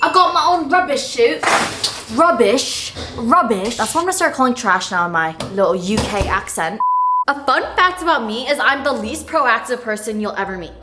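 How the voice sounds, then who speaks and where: Animated girl in her 20s from canada, vlogging at home, fairly high voice, loud one sec then hushed the next. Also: background noise. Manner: animated, oversharing, swings from loud to hushed asides. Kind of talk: casual chat to camera. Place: home kitchen and apartment.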